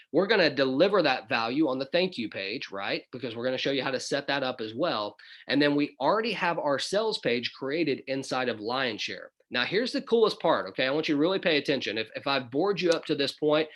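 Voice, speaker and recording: A man's voice: medium pitch, fairly bright tone. Southern man coaching his business group. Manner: coaxing, repeats "okay?" and "right?". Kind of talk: motivational group call.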